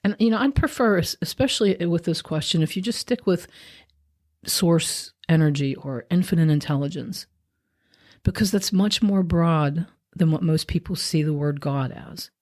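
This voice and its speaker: Podcast host, woman, lowish mellow voice, gentle reflective spiritual talk. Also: normal speed.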